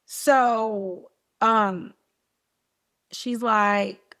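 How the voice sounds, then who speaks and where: A woman's voice: a little high, takes it slowly, long pauses. A woman hosting a podcast, giving a casual recap of a TV episode and playfully acting out quotes from the scenes. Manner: animated, acts out quotes with playful put-on voices. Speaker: podcast host.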